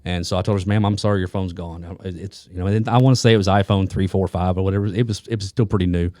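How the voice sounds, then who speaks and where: Fast-talking, mellow-voiced man telling a story. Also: low voice, fairly even intonation, no room sound, studio quality. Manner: rambling anecdotal storyteller with many restarts. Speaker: police detective and co-host. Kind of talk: casual podcast storytelling.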